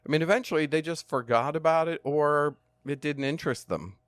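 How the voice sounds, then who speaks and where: Calm storytelling man in his sixties. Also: fairly high pitch, dry recording. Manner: calm, measured storytelling with dry humor. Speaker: podcast guest. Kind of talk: storytelling interview.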